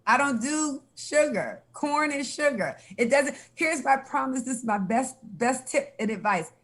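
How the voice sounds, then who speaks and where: A woman's voice: sits high, lively intonation, measured pace. A woman giving frank, emphatic health advice in casual chat, laughing now and then. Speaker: health guest.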